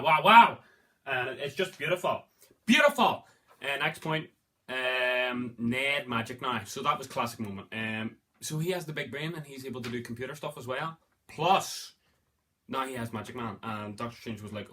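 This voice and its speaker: Excitable bright-voiced man reviewing a movie. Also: medium pitch, a little hiss or hum. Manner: excitable and rambling, bursting into loud exclamations. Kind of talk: casual movie review monologue.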